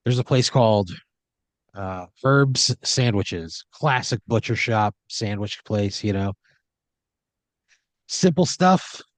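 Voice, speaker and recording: A man tells an improvised story in second person, rambling with lots of fillers and asides. His voice is on the low side. The recording is dry, with no room sound. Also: expressive, slow, pauses often, no room sound. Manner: rambling, lots of "like" and "you know". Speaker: host running the improv story.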